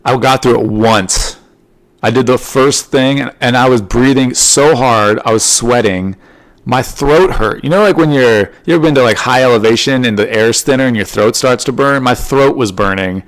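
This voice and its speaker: A man's voice: mid-range voice, normal speed. A man hosting his own comedy podcast, talking in a loose, rambling solo monologue. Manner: rambling, loose, full of "you know" and "like".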